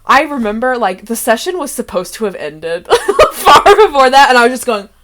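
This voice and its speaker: A woman's voice: sits high, very animated, moderate pace, noisy background. A young woman hosting and running a tabletop game, chatting casually with a player, rambling and laughing often between thoughts. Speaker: game master and host. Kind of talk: casual chat about a tabletop campaign.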